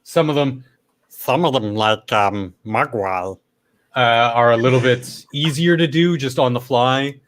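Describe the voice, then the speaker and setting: A male stream host chatting loosely late at night, his voice stuffed up and worn from talking for hours. He rambles along with small coughs and offhand swearing, at a middling pitch. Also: unhurried, fairly bright tone.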